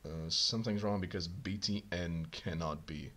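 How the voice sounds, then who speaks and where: A man reading a bomb manual aloud in a casual co-op game, hurried and muttering. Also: low voice, fairly bright tone, a little hiss or hum. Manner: hurried, mutters while searching, bursts into laughter. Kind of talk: casual gaming chat.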